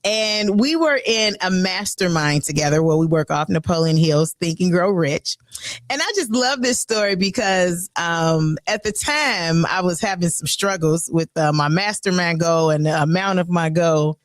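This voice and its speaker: A woman's voice: lowish voice, expressive, moderate pace, no echo, studio quality. A woman hosting a live radio talk show, chatty and playful, with a bubbly, upbeat way of talking. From Chicago. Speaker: radio host.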